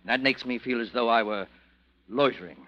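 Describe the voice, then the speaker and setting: A man's voice: medium pitch, normal speed, lightly acted. An actor playing a bitter, sardonic husband who taunts his wife, in 1940s radio acting. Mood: mocking. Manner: cold, mocking, theatrical. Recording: dull old radio recording.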